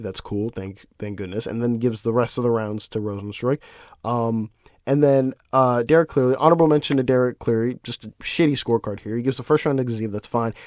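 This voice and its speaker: A man hosting his own podcast, talking casually in an animated, profane, ranting way. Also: mid-range voice, dry recording, studio quality. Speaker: podcast host. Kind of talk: casual solo commentary.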